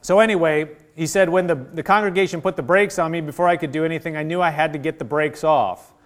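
Male preacher, slightly high voice, reads from a book aloud and stops to comment between passages. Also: steady tone, quick pace. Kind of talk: sermon reading aloud from a book.

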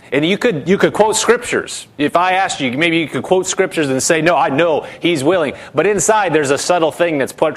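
A man preaching a sermon, earnest, repeating words for emphasis and dropping low and soft when he voices doubts.

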